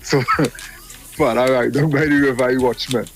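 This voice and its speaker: Man telling a lively story. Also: mid-range voice, normal speed, soft background music. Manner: animated, repeats words, laughs while telling. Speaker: caller. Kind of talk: casual storytelling.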